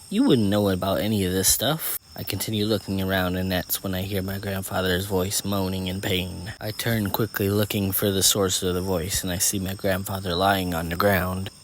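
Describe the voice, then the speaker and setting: A man with a very low voice reads a first-person story aloud. He keeps a steady pace with small slips and restarts. Faint crickets are heard behind him. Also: a little hiss or hum. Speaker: narrator.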